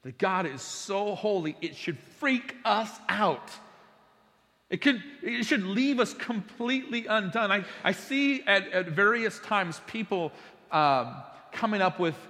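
Animated man preaching in an echoing hall. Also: high voice, a little slow. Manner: animated storytelling, swinging between hushed and loud. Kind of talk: sermon.

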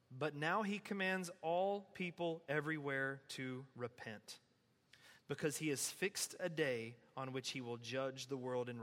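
High-voiced man preaching in a hall. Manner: conversational, animated preaching with scripture reading. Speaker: pastor. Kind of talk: sermon.

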